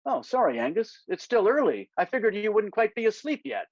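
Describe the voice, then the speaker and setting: A man's voice: sits high, very animated, fairly quick, no echo, voice pushed up. A man voicing an earnest, nervous young political aide who sounds a bit self-important. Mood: eager, nervous. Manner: earnest, nervous, slightly pompous. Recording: dry, slightly dull lo-fi sound.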